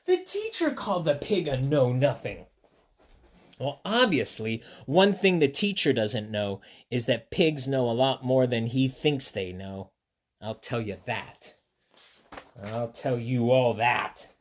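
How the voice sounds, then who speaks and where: A man reading a picture book aloud to children, making playful, animated asides to his young listeners. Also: medium pitch, slow. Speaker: children's story reader.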